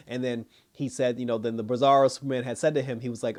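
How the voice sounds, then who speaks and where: A man's voice: medium pitch, little pitch movement, fast talker, few pauses, a little mellow. Laughing man recapping an episode. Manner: loose storytelling, laughing often, acting out quotes. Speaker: show reviewer.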